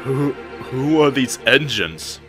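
A man voicing a big, proud male express engine in a steady, slightly raised voice. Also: mid-range voice, moderate pace, voice pushed up, lightly acted. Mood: shaken. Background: music.

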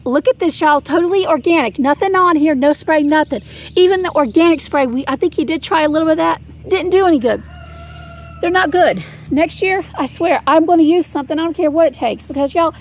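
A woman's voice: high-pitched, a little mellow. A middle-aged woman with a Southern US accent, chatting casually and folksily to camera as a homemaker vlogger.

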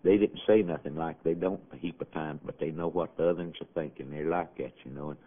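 A man spins a long folksy tale in a rambling Southern drawl, his voice deep and low. It comes through a thin, phone-like old radio recording. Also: fairly even intonation, a little fast. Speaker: storyteller. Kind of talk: folksy monologue storytelling. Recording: tinny, band-limited old radio archive.

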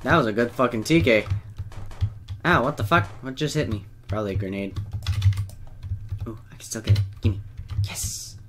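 Speaking at normal speed with a mid-range voice and lively intonation, a man pauses often while giving casual gameplay commentary. He laughs, swears and trash-talks his opponents over a noisy backdrop of game gunfire and keyboard clicks.

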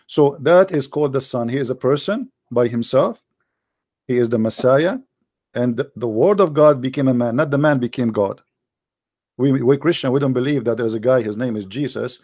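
A man's voice: medium pitch, no room sound. Man patiently explaining, dry close sound. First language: not English. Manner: explains patiently with repeated checks like "right?"; animated, lively storyteller. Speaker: debate host. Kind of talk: casual debate talk.

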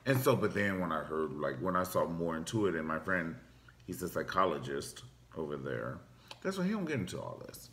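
A low-voiced man with a forceful, tense edge rants through a comedic commentary. He swears freely and swings his pitch wildly for effect. His voice rings in a roomy, echoing space. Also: a little fast, slight background noise. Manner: animated, profane, big pitch swings. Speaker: vlogger and stand-up comic. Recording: roomy echo.

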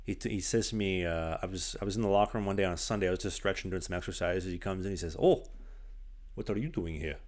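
Man, young adult, podcast host, animated storyteller, slightly low voice. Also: rapid-fire, few pauses. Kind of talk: casual podcast chat. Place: small apartment.

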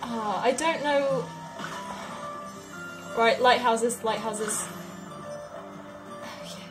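A woman talks through her game run in a relaxed, unhurried way, her voice sitting a touch high. She mutters to herself, then breaks into loud exasperated outbursts when things go wrong. Game music plays steadily behind her. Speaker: gaming video creator. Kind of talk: casual let's-play commentary.

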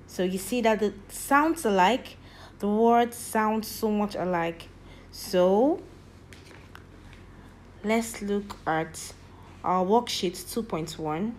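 A woman teaching a phonics lesson to young children, slowly stretching out each sound and repeating it several times. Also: mid-range voice, darkish tone, slight background noise. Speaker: primary school teacher.

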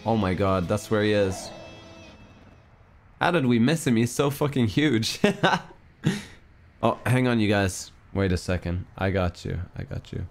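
A man's voice: fairly low pitch, a little slow, pauses often, soft background music. A young man commenting casually on a video game as a streamer, joking and reading the game's dialogue aloud.

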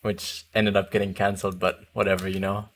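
A man's voice: low voice, level tone, fairly quick, a bit bright. A young man chatting casually while streaming a hunting game, laughing easily and trailing off mid-thought. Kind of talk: casual gaming chat.

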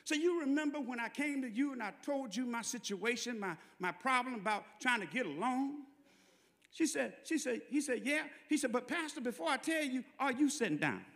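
A man with a Southern US accent preaching a sermon, telling a story in a conversational way and rising into shouted preaching. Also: extremely high pitch, expressive, brisk. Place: church sanctuary. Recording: long reverb in a church hall.

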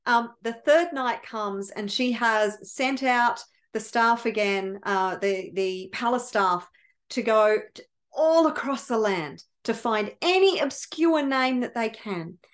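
A woman mindset coach retelling a fairy tale in a chatty, animated way, often correcting herself. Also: a little high, slow. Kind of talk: casual storytelling.

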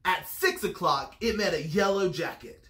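A reader telling a picture-book story aloud to children with animated, expressive delivery. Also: mid-range voice, normal speed. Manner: animated storytelling with lively swings. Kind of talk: expressive read-aloud for kids. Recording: roomy echo.

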